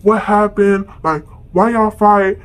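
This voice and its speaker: A woman's voice: medium pitch, takes it slowly, a little hiss or hum, pitched below the performer's own voice, lightly acted. A woman playing a stern school administrator. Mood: scolding. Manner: scolding, clipped.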